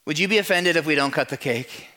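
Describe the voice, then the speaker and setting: A preacher voicing a tired woman in her late thirties, low and quiet. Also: quick pace. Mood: hushed.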